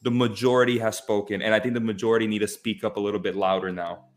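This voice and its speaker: A man's voice: fairly low pitch, steady tone, fast talker, faint music behind. A man co-hosting a casual film discussion podcast, talking in an impassioned, emphatic way with frequent restarts. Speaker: podcast co-host.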